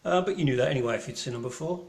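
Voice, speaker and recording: Gravelly Cockney man, rambling chat. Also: mid-range voice, rapid-fire, reverberant. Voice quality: broad, swearing, chatty. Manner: rambling with many ums and restarts. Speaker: host of an online gallery private view. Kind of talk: casual live-streamed gallery talk.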